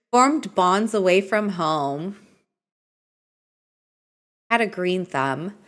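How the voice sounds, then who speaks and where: A woman's voice: medium pitch, slow pace, pauses often. A tired woman streaming a life-simulation game live, chatting casually, reading game options aloud and greeting viewers.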